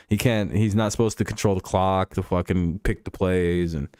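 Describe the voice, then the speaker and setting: A man hosts a casual live stream, joking and swearing freely. His voice sits low and comes through smooth and clean. The sound is dry and close, with no room around it. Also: fairly even intonation, normal speed, darkish tone, no echo. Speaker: streamer hosting a football talk stream.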